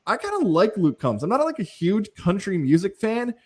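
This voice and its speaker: Higher-voiced chatty male co-host. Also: big pitch swings, moderate pace, breathy edge. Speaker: podcast co-host. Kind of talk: casual sports chat with ad reads.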